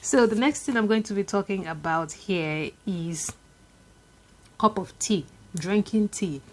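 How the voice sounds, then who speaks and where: A woman's voice: mid-range voice, a little slow. A young woman with a Nigerian accent, chatting casually to camera in a vlog, with many fillers and repetitions. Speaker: vlogger.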